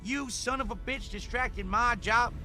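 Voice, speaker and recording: Dude doing a loud bright texan good ol boy trucker, put-on drawl, bragging, high and brassy, little music behind. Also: animated, normal speed, full character voice. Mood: indignant. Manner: brash, folksy, keeps calling people boy. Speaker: streamer playing a truck game.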